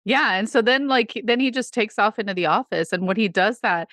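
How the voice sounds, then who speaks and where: A woman's voice: medium pitch, fairly quick, fairly bright tone, no echo. A woman co-hosting a podcast in casual chat, a coach who laughs often and talks with many fillers.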